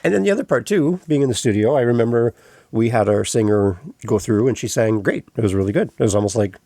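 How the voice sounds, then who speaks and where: A gravelly, slightly husky man hosting a relaxed podcast chat. He tells lively stories and slips into the voices of the people he describes. The sound is close and dry. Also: medium pitch, fast, no room sound. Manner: lively storyteller who acts out quoted voices. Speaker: podcast host. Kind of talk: casual podcast conversation.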